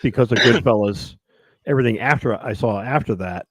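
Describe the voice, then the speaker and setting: A man's voice: medium pitch, fairly quick, husky, no room sound. Man, podcast co-host, casual chat, swearing, movie buff, dry sound. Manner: swears freely, reels off film trivia.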